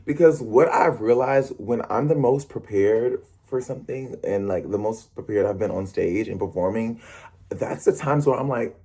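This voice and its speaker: A young man who performs on stage, chatting to camera in an animated, rambling way with quick self-corrections. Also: mid-range voice, breathy edge. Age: young adult. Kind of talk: casual talk to camera.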